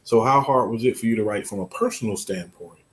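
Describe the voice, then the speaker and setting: A man's voice: mid-range voice, fast talker. A man co-hosting a casual interview, talking earnestly and repeating words as he builds his point. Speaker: co-host.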